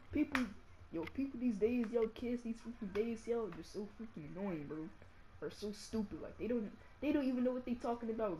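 A male gaming channel host giving casual gameplay commentary and ranting, saying "bro" and "y'all" constantly and swinging from mumbles to shouts. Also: sits high, a little hiss or hum. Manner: slangy, fills nearly every phrase with "bro" and "y'all".

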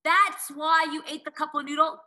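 A woman hosting her own show argues back at her mother with sarcastic, indignant comebacks. Her voice sits high and sounds bright and sharp. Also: steady tone, moderate pace, poor audio. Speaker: host. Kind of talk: heated family conversation.

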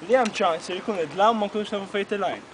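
A man's voice: high-pitched, rapid-fire, noisy background. A man with a Maltese accent chatting casually and coaxing his friends along on an outdoor hike. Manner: coaxing, urging the group along. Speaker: hiker filming with friends. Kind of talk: casual chat. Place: outdoors on a hillside. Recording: home video outdoors, group chatter behind. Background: group of friends talking.

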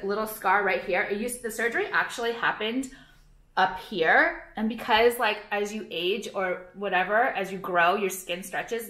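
Brief: young woman vlogger, bright and sharp voice, rambling profane rants, echoey room. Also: medium pitch. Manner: rambling, profane, irritated, lots of "like". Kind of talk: casual ranting vlog.

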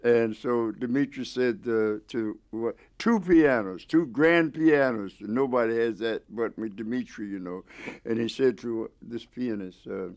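A man's voice: medium pitch, a little slow, a little mellow. A man in his nineties being interviewed at home, telling old stories with lots of restarts and chuckles. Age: 90s. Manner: rambling, with many restarts and chuckles. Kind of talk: storytelling reminiscence.

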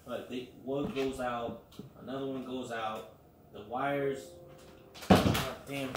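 A man's voice: mid-range voice, steady tone, takes it slowly, long pauses. Dude rambling on his solo podcast at home, swears a lot, tons of like and you know, roomy echo. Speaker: podcast host. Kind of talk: casual solo podcast monologue. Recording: echoey room with faint background noise.

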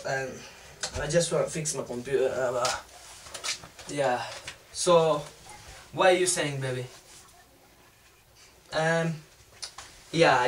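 A man acting a hot-tempered young man who yells, swears and threatens in an amateur comedy film. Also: fairly high pitch. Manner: yelling and swearing, then crooning on the phone. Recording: distant mic with faint noise.

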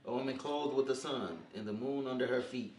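A man reading scripture aloud during a Bible study, steady in reading but hesitant when answering. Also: medium pitch, brisk, reverberant. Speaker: scripture reader.

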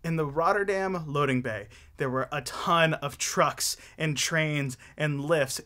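A man teaching children's church, telling a lively story with a Bible lesson. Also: on the high side.

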